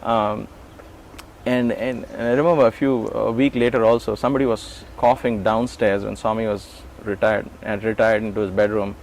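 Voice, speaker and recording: A man's voice: on the low side, normal speed, a little hiss or hum, low-quality recording. Middle-aged man telling stories animatedly. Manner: animated, acts out quoted dialogue. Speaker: interviewee recalling years as an assistant. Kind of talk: conversational storytelling interview.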